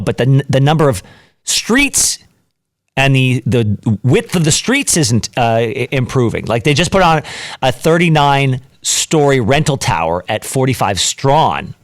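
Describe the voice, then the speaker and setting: A man's voice: mid-range voice, no room sound, studio quality. A man hosting a radio talk show, chatty and opinionated, rambling with fillers as he talks.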